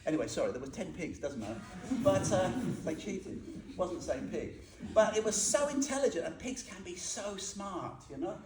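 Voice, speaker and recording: A man's voice: sits high, big pitch swings, moderate pace, few pauses. A man giving an informal, humorous Buddhist talk, quizzing his listeners as he goes. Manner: chatty and humorous, asks the audience questions. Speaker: Buddhist teacher. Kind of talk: informal dharma talk to a group. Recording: echoey room with faint noise.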